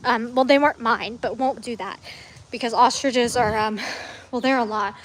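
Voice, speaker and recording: A woman's voice: fairly high pitch, steady tone, moderate pace. A young woman livestreaming from her farm, chatting casually and rambling as she breaks off to talk to her animals. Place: outdoors on a farm among animals. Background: chickens and a rooster.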